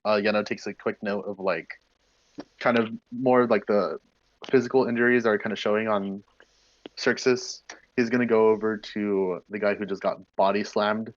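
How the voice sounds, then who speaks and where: A man's voice: lowish voice, steady tone, normal speed, lo-fi sound. A man playing a tabletop game, describing his character hesitantly with many fillers and polite apologies. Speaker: player.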